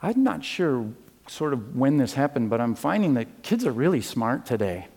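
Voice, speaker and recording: An older man preaching a sermon, animated in his stories and dropping low and quiet for serious points. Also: normal speed, gravelly, slightly rough, in a large hall. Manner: animated storytelling, swings from loud and high to low and quiet. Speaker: pastor.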